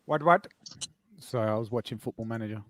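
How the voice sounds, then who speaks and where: A man's voice: mid-range voice, fast talker. A man on a live panel call, offhand and distracted. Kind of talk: casual live panel chat.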